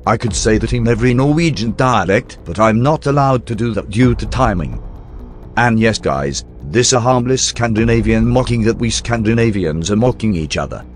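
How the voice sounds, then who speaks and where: A man's voice: on the low side, animated, moderate pace, faint music behind. A man playing an older king delivering a mock jury address, stately with teasing asides. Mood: regal teasing. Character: older male king, regal yet joking.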